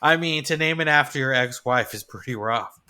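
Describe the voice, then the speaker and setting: A man co-hosting a podcast in a relaxed back-and-forth. His voice is bright and a little tense, at an average pitch. He hesitates, restarts his sentences and lets his thoughts trail off. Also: normal speed, clear, resonant tone. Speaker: podcast co-host. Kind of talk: casual chat.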